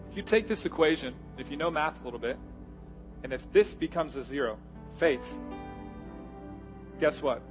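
A male pastor preaching a sermon, swinging from loud, punchy lines to hushed, quiet asides. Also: mid-range voice.

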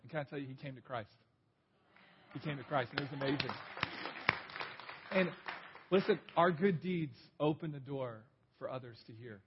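A man preaching in a husky voice, set a little high for a man, with a dull lo-fi sound. He talks like he is chatting while telling stories, and he repeats his main points. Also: quick pace. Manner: conversational storytelling preacher, repeats key points. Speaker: pastor. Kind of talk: sermon.

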